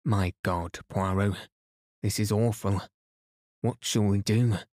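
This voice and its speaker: A man's voice: lowish voice, steady tone, slow pace, darkish tone, no room sound, clean studio sound. A man voicing an anxious male companion who exclaims his alarm.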